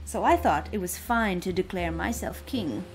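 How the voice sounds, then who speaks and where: A woman's voice: fairly low pitch, normal speed, soft background music, close to an everyday voice, poor audio. Woman reading as a cranky sleepless frog king.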